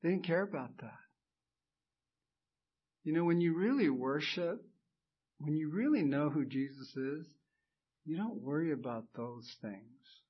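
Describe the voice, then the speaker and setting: Slow, fervent preaching man. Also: fairly high pitch, animated, husky, highs cut off. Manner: emphatic, rising to fervent exclamations. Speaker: pastor. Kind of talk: sermon.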